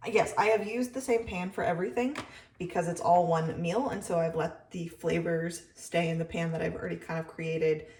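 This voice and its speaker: A woman's voice: lowish voice, fairly even intonation, moderate pace, darkish tone, recorded from a distance, a little hiss or hum. Chatty woman cooking in an echoey kitchen. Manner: chatty, rambling, many ums, narrates her cooking. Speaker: vlogger. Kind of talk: casual chat while cooking. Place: home kitchen. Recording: echoey kitchen, voice often off-mic. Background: frying sizzle.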